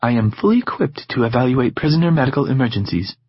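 A man voicing a calm, polite spider-dog security robot in level machine phrasing. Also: medium pitch, fast, breathy edge, dull audio, voice pushed up.

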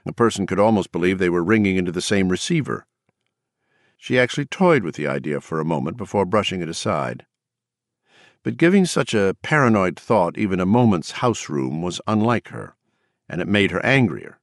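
Deep-voiced man reading a novel. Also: sing-song, normal speed, dry recording, clean studio sound. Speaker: narrator. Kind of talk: audiobook narration.

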